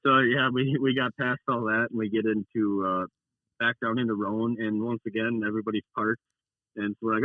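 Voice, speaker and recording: A man's voice: on the low side, fairly even intonation, fairly quick, no echo. A young man telling a rambling race story in a casual call, acting out what he and his teammate said. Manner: rambling storyteller, acts out his own quotes. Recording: dry tinny phone line.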